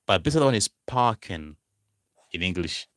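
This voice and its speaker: Male language tutor, lowish voice, drawn-out repeated words, close dry sound. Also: lively intonation, dry recording. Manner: slow, repeats each word several times and asks the viewers questions. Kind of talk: teaching German vocabulary.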